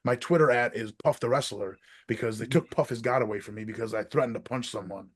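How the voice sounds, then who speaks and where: A man with an American accent, a wrestler and podcast guest, talking casually in a profane, ranting way that swings between loud outbursts and quiet asides. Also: mid-range voice, fast, hardly any pauses, slightly rough. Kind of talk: casual interview chat.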